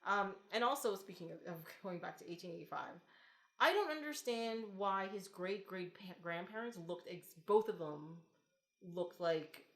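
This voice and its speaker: A woman's voice: mid-range voice, animated, moderate pace, reverberant. A woman hosting a podcast, chatting casually about films and asking lots of questions, with frequent filler words. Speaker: podcast host.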